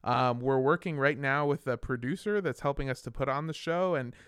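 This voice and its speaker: A man's voice: mid-range voice, fairly quick, a bit bright, clean tone, dry recording, studio quality. A man co-hosting a podcast, joking and swearing casually while rambling through sponsor reads. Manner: profane, jokey, rambling with fillers. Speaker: podcast co-host.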